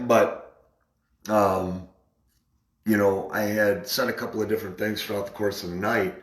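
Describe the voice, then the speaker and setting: A man's voice: lowish voice, steady tone, unhurried, fairly bright tone, roomy sound. A man on a casual live stream, animatedly retelling an argument, repeating himself and acting out what others said.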